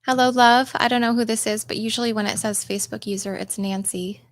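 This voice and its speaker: A woman's voice: medium pitch, flat delivery, quick pace. A middle-aged woman hosting a casual livestream from home, chatting with viewers with lots of ums and laughs. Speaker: coach and livestream host.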